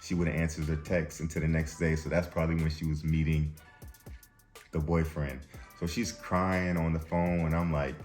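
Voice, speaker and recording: Young male vlog host, very low voice, animated casual storyteller. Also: normal speed, faint music behind. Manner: animated, acts out quotes, laughs at his own story.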